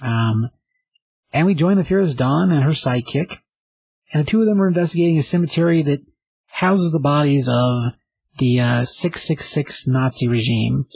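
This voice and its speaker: Casual comic reviewer, man, husky, rambling, dry room. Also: a little high, normal speed, a little mellow, no echo, rough recording. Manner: rambling, enthusiastic summary with fillers.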